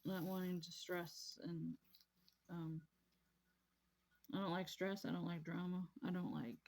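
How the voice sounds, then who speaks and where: A woman's voice: on the low side, flat delivery, a little slow, creaky, darkish tone. Easygoing rambling woman chatting. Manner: rambling, repeats herself, easygoing. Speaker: craft vlogger. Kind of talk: casual chat while crafting.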